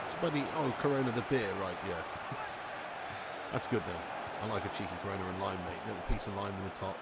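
A man's voice: low-pitched, moderate pace, pauses often, very noisy. A man chatting casually on a gaming live stream, full of slang and frequent laughs. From England. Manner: chatty, slangy, laughs often, reads out chat.

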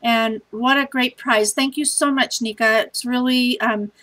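A woman hosts a scrapbooking challenge video from home, sounding worn out. Her talk is chatty and scattered, full of self-deprecating asides. Her voice sits a little higher than most women's. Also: steady tone, a little slow, a bit bright, rough recording. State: tired. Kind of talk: casual vlog chat.

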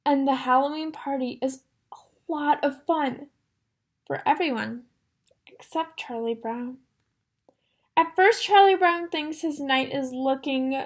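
High, unhurried teacher reading a storybook to young kids, asks them questions. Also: female voice. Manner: animated storyteller, gasps, asks the children questions. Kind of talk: reading a picture book aloud to young children.

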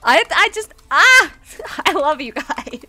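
A woman game streamer chatting live with viewers, excitable and gushing, swearing often and squealing and laughing between lines. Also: high voice, slow pace, faint music behind. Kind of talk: casual live-stream chat.

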